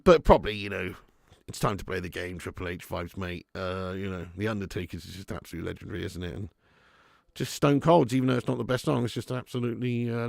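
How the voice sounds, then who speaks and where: A man hosting a live football watch-along, who is excitable and jokey and bantering with his chat. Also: lowish voice, creaky, no room sound, clean studio sound. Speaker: live stream host.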